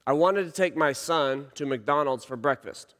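A man in his thirties preaching a sermon, telling a story and swinging from hushed lines to shouts. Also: on the high side, moderate pace. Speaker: pastor. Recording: long reverb of a large hall.

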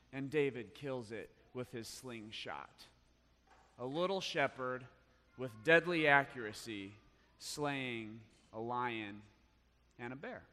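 A man preaching a sermon, telling a story with big swings between loud bursts and hushed lines. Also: medium pitch. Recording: long hall reverb.

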